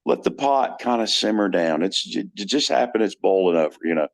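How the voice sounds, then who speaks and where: A man chats as a guest on a podcast, telling personal stories in an earnest way and often restarting his sentences. His voice has a gravelly, fry-laden texture and sits fairly low. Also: animated, brisk. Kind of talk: casual chat.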